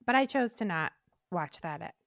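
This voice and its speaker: A woman's voice: on the low side, moderate pace, dry recording. A young adult woman co-hosting a chatty podcast, recorded dry and close. She tells stories with a lot of swing in her voice, puts on the voices of the people she quotes, and swears casually. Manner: animated storyteller, swears casually, acts out quotes. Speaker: podcast co-host. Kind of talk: casual chat, storytelling.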